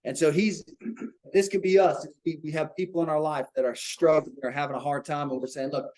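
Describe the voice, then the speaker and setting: A man's voice: a little high, steady tone, a little fast, a little mellow, poor audio. A man leading an informal Bible study for a small group, talking earnestly and checking in with rhetorical questions.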